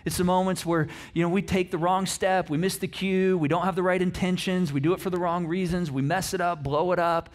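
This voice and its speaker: A middle-aged man preaching a conversational sermon, animated and acting out the quotes he tells. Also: sits high, a little fast, few pauses. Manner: conversational, animated, acts out quotes, frequent restarts. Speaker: pastor.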